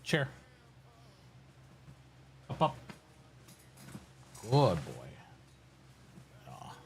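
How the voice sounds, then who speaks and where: A man streaming casually from home, chatting and talking fondly and softly to his dog. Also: fairly low pitch, wildly swooping pitch, extremely slow, vocal fry, slight background noise, rough recording. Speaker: live streamer. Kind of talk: casual chat while streaming.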